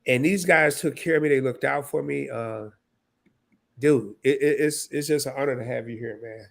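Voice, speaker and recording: A man's voice: mid-range voice, moderate pace, vocal fry. Emotional sniffling man in his fifties. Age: 50s. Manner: emotional, rambling, stammering with restarts. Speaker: live stream host. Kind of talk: casual live stream chat.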